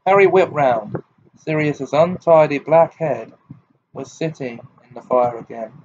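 A man reading a novel aloud in steady, plain narration. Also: on the high side, unhurried, lo-fi sound, a little hiss or hum. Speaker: audiobook reader.

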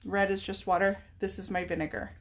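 Talking briskly in a level, mid-range voice, a woman demonstrates painting furniture live on camera in a casual way. She chats and thinks out loud while she works, and at moments she becomes tearful.

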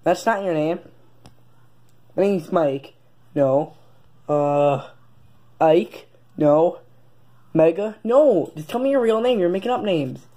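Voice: mid-range voice, takes it slowly, long pauses, mellow, lightly acted. A performer voicing a grumpy frog father in an amateur plush toy video, snapping and scolding impatiently.

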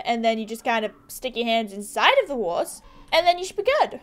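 A woman's voice: fairly high pitch, lively intonation, brisk. A woman giving casual, chatty gameplay commentary as a gaming YouTuber, with wry, puzzled asides.

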